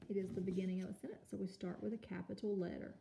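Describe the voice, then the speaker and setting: A woman teaching a kindergarten home-learning lesson, speaking slowly and carefully and sounding out words for young children. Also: medium pitch, little pitch movement, creaky, dark tone. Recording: echoey room with faint noise.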